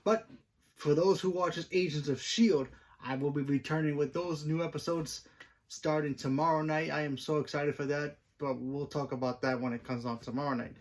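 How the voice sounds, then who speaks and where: A man's voice: fairly high pitch, steady tone, moderate pace. A man hosts his own review channel and talks through a TV episode in a loose, conversational way. He rambles, trips over himself and restarts sentences, filling the gaps with ums and uhs. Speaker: host.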